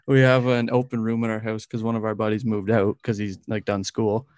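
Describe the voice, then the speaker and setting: A man's voice: lowish voice, level tone, a little fast, a little mellow, clear, resonant tone, dry recording. Young man, twenties, rambling storyteller, dry close sound, laughs a lot. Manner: rambling, fills speech with "like", laughs often. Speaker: podcast co-host telling a story. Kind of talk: casual storytelling chat.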